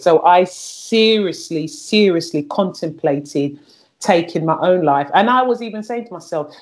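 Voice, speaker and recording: A middle-aged woman with a notably low voice talks candidly as a guest. She is frank and earthy, often doubling back on her words, and she keeps a plain conversational tone. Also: expressive, measured pace. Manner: frank and earthy, repeats words while searching for them.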